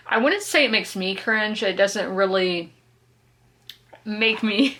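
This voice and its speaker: A book vlogger in her 20s from South Carolina chats casually to camera about what she's reading, giggling often and talking through her opinions. Her medium-pitched voice is expressive, bright and forceful, and she goes slowly with long pauses.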